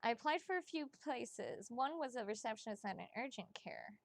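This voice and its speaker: A woman with a high voice chats her way through a psychic reading livestream, bubbly and prone to giggling between quick asides. Her voice sits close and dry on the mic at home, with no room sound around it. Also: animated, creaky, dry recording. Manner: bubbly and giggly, chatty, talks fast with asides. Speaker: psychic reader, livestream host. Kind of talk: casual livestream chat.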